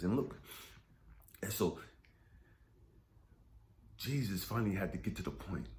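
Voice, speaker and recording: Deep-voiced guy pouring his heart out about faith, swings all over in pitch, echoey room. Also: a little hiss or hum. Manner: impassioned and confessional, dropping to whispers, with frequent profanity. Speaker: spiritual channel host. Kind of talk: emotional spiritual monologue.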